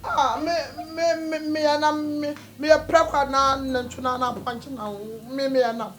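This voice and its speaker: A woman's voice: sits high, steady tone, moderate pace, echoey room. A woman, playing a pleading house girl in a comic drama. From Ghana. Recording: music playing behind.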